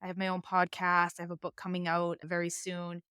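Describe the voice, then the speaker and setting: A woman's voice: fairly low pitch, completely flat delivery, brisk, bright, forceful tone, clear, resonant tone, no room sound, clean studio sound. A middle-aged woman with a Boston accent, a divorce attorney telling her own story candidly as a podcast guest. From Boston area, US. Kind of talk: podcast conversation.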